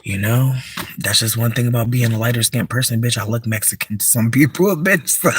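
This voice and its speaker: A livestreamer in a casual rant, full of swearing, dropping to low mutters and then bursting into shrieking laughter, talking from inside a car. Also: a little fast, heavy background noise.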